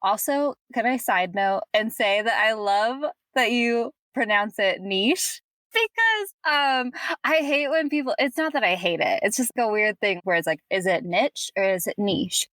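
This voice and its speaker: A woman's voice: fairly high pitch, lively intonation, moderate pace, fairly bright tone, dry recording. A young adult woman hosting a podcast interview, chatty and upbeat in tone. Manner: chatty, upbeat, laughs often. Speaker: podcast host.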